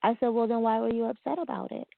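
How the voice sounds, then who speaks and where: A woman's voice: fairly high pitch, fairly even intonation, fast, gravelly, dry recording. A woman in casual conversation, telling a family story and acting out the quotes with laughs. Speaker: guest. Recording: tinny phone-like line.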